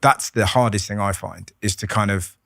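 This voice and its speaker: A man, a comedian guest chatting on a podcast, telling animated stories, acting out voices and swearing freely. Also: fairly low pitch, normal speed, vocal fry, no echo, studio quality. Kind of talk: casual podcast conversation.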